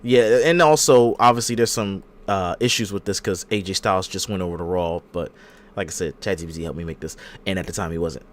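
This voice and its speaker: A man hosting a casual wrestling podcast, telling a long fantasy storyline in a rambling, animated way. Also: low voice, brisk, a little hiss or hum. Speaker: podcast host.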